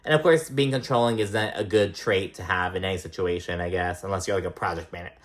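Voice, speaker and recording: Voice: sits low, fast talker. Rambling, foul-mouthed recap vlogger. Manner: rambling, swears often, lots of "like" and "um". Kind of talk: casual recap commentary.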